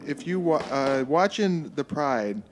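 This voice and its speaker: A man's voice: on the high side, lively intonation, takes it slowly, slight background noise. A man from California giving casual, rambling commentary while watching fight footage, often laughing at his own jokes.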